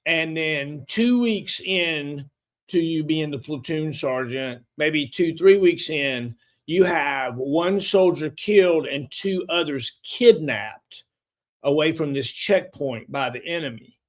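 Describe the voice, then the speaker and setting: A man with a voice a little higher than most, hosting a relaxed podcast. He feels his way through his thoughts, restarting phrases and filling gaps with "uh" and "um". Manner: halting, repeats words and fills with "uh". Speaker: podcast host. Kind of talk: casual podcast chat.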